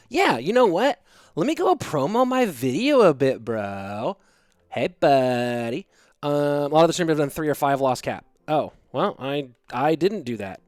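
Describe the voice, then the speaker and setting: A man's voice: medium pitch, no room sound. A man hosting a game tournament on a live stream, chatting casually and joking while reading the chat aloud. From United States. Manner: chatty, joking, rambling asides. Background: faint music.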